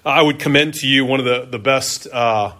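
A middle-aged man preaching a sermon as pastor, conversational, asking his listeners questions and often pausing on "uh". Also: medium pitch, bright, forceful tone. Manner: conversational, asks the congregation questions.

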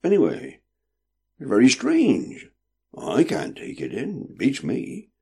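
A man's voice: medium pitch, very animated, unhurried, creaky, warm tone, breathy edge, heavily acted. A man voicing a doubtful, stubborn old male sailor who talks in a rustic, emphatic way, raising his voice above his usual tone. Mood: doubtful, grumbling. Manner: rustic old dockside talk, raised and emphatic.

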